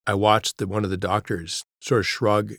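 In this interview, a middle-aged guest author shares something personal, pausing thoughtfully and going quiet when the subject turns serious. He speaks on the low side in a level tone, captured at studio quality with no echo.

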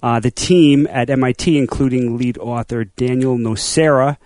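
A man co-hosting a casual podcast, his mid-pitched voice eager and rambling. He often restarts his sentences as he works through a point. The recording is dry and close. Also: steady tone, moderate pace, darkish tone, dry recording. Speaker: podcast co-host. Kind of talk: casual chat.

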